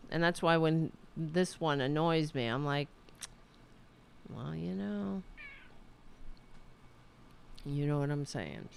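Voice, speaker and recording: Gravelly, slow-talking sardonic woman host. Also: on the low side. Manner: sardonic, profane, rambling. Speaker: show host. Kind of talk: casual livestream talk.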